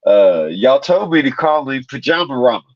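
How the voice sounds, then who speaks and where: A man's voice: mid-range voice, big pitch swings, moderate pace, no echo. A man telling a rowdy, profane story in a casual chat, laughing as he goes. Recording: dull dry lo-fi audio.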